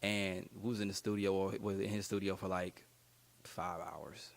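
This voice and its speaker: Young adult male rapper, lowish voice, casual rambling interview storyteller. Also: fairly even intonation, normal speed, vocal fry. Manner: laid-back, slangy, rambling with many fillers. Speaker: rapper guest.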